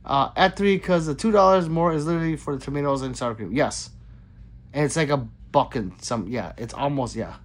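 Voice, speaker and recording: A man's voice: medium pitch, a little fast. A man hosting a casual livestream, reading viewer chat aloud in a chatty, profane way. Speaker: livestream host.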